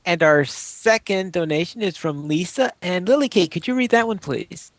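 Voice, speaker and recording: A man's voice: high-pitched, expressive, moderate pace, no echo. A man hosting a gaming podcast, steering segments with formal phrasing. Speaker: podcast host. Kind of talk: casual podcast chat.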